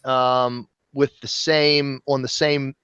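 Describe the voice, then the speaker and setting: A man's voice: mid-range voice, little pitch movement, takes it slowly, a bit bright, smooth, dry recording. A man co-hosting a podcast in casual chat, easygoing and jokey, chiming in with laughs. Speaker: podcast co-host. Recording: muffled, dull podcast audio.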